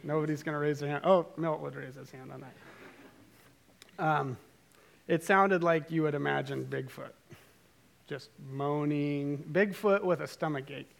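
A middle-aged man telling a story casually to a live audience, animated and self-amused, with rambling asides. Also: a little high, measured pace, vocal fry, pauses often. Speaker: speaker telling a story to a group.

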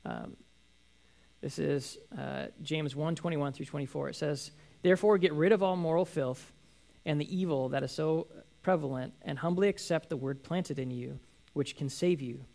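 A man's voice: a little high, normal speed, creaky, a little mellow. A man in his thirties giving a casual, conversational sermon, telling family stories with acted-out quotes. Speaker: pastor.

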